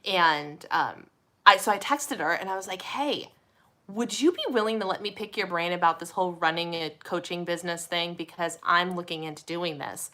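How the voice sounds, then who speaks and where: A woman from the Minneapolis area hosts a relaxed live chat with her community. Her voice is bright and clear, and she talks in a chatty, upbeat way, reading comments aloud and answering them. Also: fairly low pitch, moderate pace. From Minneapolis area, USA. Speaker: host. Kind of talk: casual live chat with viewers.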